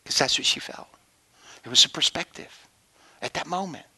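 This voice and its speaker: A male pastor preaches a sermon built on stories of the people he ministers to, dropping to whispers and then rising to loud, high exclamations. He speaks at a moderate pace with vocal fry and a breathy edge, and there's no room sound.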